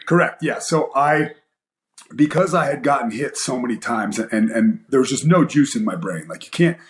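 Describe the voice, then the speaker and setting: A man in his forties talks through a story with lots of fillers and restarts, acting out what other people said. His pitch sits mid-range, and the room around him has a noticeable echo. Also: moderate pace. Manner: animated storyteller, acts out quoted voices, many fillers. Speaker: guest, MMA coach and former fighter. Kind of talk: casual storytelling interview. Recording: echoey room.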